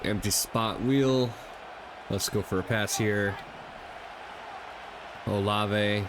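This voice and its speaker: A man's voice: on the low side, slow pace, background noise. Congested man chatting over gameplay. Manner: relaxed, chatty, thinking aloud with fillers. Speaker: gaming video host. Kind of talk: casual gameplay commentary.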